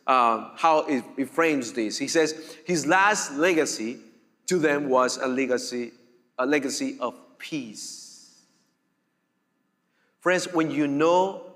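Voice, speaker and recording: A man preaching a sermon as pastor, emphatic and deliberate, repeating his key phrases. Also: a little high, fairly bright tone, long reverb tail.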